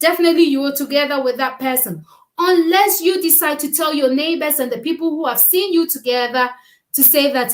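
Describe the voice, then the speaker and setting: A woman's voice: high-pitched, brisk. A woman co-hosting a casual chat, talking earnestly and emphatically, often repeating her words. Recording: echoey room.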